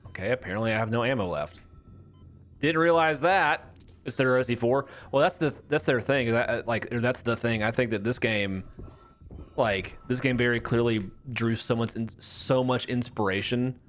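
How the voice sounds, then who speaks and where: At a medium pitch and normal speed, a young man gives casual gameplay commentary while streaming a horror game. He's rambling and chatty with viewers, often making fun of himself.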